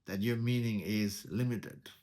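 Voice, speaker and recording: A man teaching meditation in a spiritual talk. He speaks deliberately, repeats key words, and poses rhetorical questions. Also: on the low side, warm tone.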